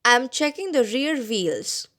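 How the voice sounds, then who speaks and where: Woman reading father, calm, soothing, gentle, fairly high voice. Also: slow, exaggerated voice. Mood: reassuring. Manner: gentle, reassuring. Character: calm, reassuring father driving the family car.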